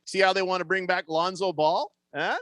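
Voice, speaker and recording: A man co-hosting a sports radio show, joking around and slipping into quick put-on voices. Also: sits high, fairly even intonation, a bit bright, no echo. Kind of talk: casual sports talk banter. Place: radio studio.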